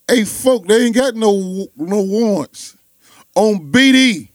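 A man's voice: high-pitched, expressive, takes it slowly, dry recording. A man with a Chicago accent, chatting casually and laughing as he tells stories in slang. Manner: laughing storyteller, slangy, repeats himself. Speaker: podcast host. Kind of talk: casual chat.

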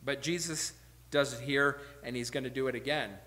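A man preaching a sermon with earnest emphasis, asking rhetorical questions and dropping to quiet asides. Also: medium pitch, steady tone, normal speed, long reverb tail. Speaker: pastor. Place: church sanctuary.

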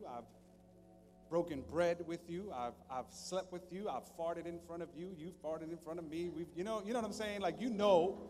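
A man preaching a sermon as pastor, conversational and joking, at times dropping to a soft, intimate tone. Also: fairly high pitch. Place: church stage. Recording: long hall reverb, faint music behind.

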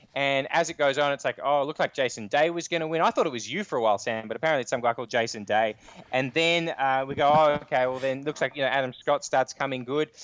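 A man's voice: medium pitch, fairly bright tone, no echo. Australian man, dry wry storyteller, dull lo-fi phone line, very dry sound. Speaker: regular contributor calling in from the U.S. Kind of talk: casual comedic phone chat.

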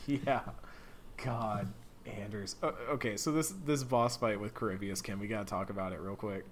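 Male podcast co-host, chatty and animated, faint hiss behind, laughs through his riffs. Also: lowish voice, moderate pace. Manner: animated, laughing, does mock voices for quotes. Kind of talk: casual gaming podcast chat.

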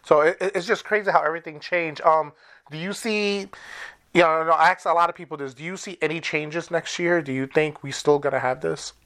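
A woman hosting a casual interview, laughing often and asking rambling, halting questions. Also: low-pitched, steady tone. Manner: warm, giggly, rambling questions. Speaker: podcast host.

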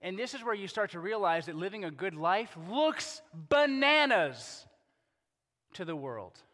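Animated male pastor, bright voice, hall reverb. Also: high-pitched, unhurried. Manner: conversational, animated preaching with repeated rhetorical questions. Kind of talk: sermon.

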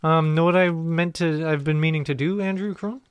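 A man's voice: on the high side, fairly even intonation, brisk, smooth, dry recording. Man in his thirties, giggly co-host. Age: 30s. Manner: laughs easily, joking. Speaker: podcast co-host. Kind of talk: casual comedic banter.

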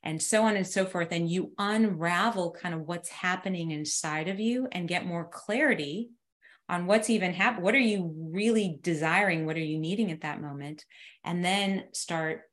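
A woman's voice: lowish voice, normal speed. A woman, a doctor, talking reflectively on a podcast and posing questions aloud. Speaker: doctor and co-author. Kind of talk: casual podcast conversation.

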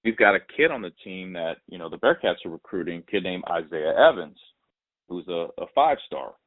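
A man hosting a sports podcast, telling a story in a lively, casual way and acting out the voices he quotes. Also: sits low, fairly quick. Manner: animated, acts out quoted voices. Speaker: podcast host. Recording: tinny phone-like audio.

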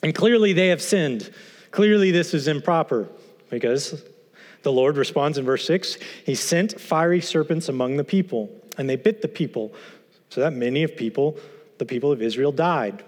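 A man's voice: fairly high pitch, normal speed. Earnest male Bible teacher in reverberant hall. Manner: earnest, rhetorical questions, emphatic.

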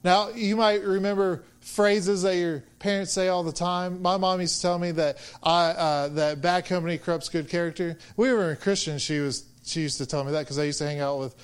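High, smooth-voiced man preaching casually. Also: fairly even intonation, normal speed, hardly any pauses. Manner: casual, conversational, with laughs and repeated restarts. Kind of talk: sermon with personal stories.

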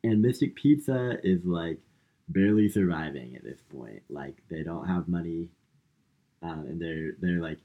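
A man's voice: deep voice, expressive, a little slow, narrow, tinny audio. A man co-hosting a podcast, casually retelling a movie plot with lots of fillers. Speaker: podcast co-host. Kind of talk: casual movie recap chat.

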